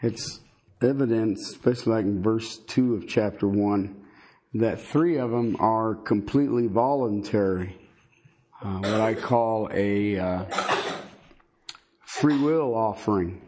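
A man teaching a Bible sermon in a halting, conversational way, with many fillers and folksy asides. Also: lowish voice, mellow, slight background noise. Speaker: preacher.

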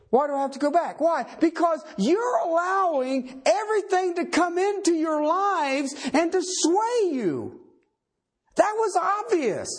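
Male pastor, sermon, lively high voice, unhurried. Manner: emphatic, swings from loud to low.

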